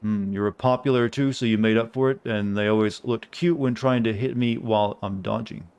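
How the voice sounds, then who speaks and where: A man's voice: fairly low pitch, steady tone, a little fast, darkish tone, smooth. A man from the American South with a mild Southern accent, chatting casually and rambling while streaming a game. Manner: rambling, self-deprecating. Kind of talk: casual gaming stream chat.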